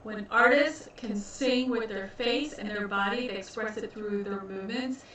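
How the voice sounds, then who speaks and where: An American woman with a mid-range, slightly bright voice speaks at normal speed in casual reaction commentary on a music video, explaining at length and gushing enthusiastically. The room is echoey, the mic distant, and music plays in the background.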